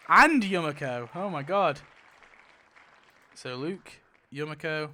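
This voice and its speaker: A young man commenting casually as he spins a wheel, excitable, laughing often and swearing. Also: a little high, slow, some chatter behind. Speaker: YouTuber spinning a wheel. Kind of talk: casual commentary while playing.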